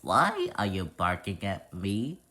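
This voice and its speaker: A man's voice: low-pitched, huge pitch swings, slow, pushed and bright, voice pushed down, heavily acted. A man voicing a friendly male cartoon bird who patiently explains himself.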